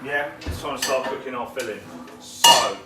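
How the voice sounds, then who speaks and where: A man hosts a live cook-along from his home kitchen, greeting viewers by name and chatting casually as he cooks. His mid-range voice is fairly even at normal speed, and the very noisy recording has kitchen echo and frying sizzle.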